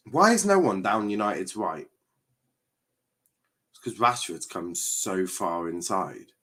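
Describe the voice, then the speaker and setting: A man's voice: fairly low pitch, a bit bright. A man hosting a live football watchalong stream, reacting with exasperation and frequent swearing as he chats to viewers.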